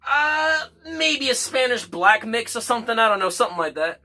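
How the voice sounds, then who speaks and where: A man telling a rough story in casual chat, repeating his words and swearing freely. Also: very high voice, moderate pace, pushed and bright. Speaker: guest.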